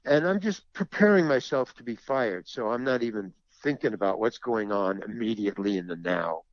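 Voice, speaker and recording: Animated storytelling man. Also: lowish voice, moderate pace, dry recording, muffled recording. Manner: animated, acts out other people's lines. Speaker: actor and stand-up comedian. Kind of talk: anecdotal storytelling in an interview.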